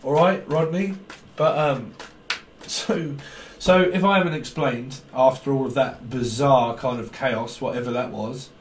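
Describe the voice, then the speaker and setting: A man's voice: mid-range voice, unhurried, echoey room, a little hiss or hum. A man doing a tarot reading, rambling and jokey, often giggling. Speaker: tarot reader.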